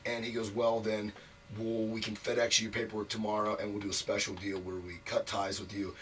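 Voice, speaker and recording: A man's voice: on the low side, level tone, a little fast, a bit bright, distant mic. A man telling a long career story as an interview guest, frank and profane, packing his talk with "like" fillers. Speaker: wrestler guest. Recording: voice a bit off mic, faint noise.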